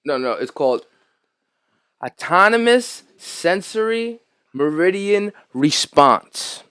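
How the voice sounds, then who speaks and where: A man hosting a podcast, telling stories in animated, profane casual chat. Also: sits high, slow, smooth, no echo, studio quality. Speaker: podcast host.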